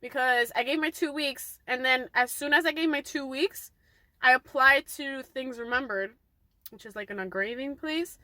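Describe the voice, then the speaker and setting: A woman's voice: sits high, normal speed, pushed and bright, no echo. A young woman telling a rambling, chatty story-time vlog, full of fillers and tossing in Spanish words. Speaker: vlogger.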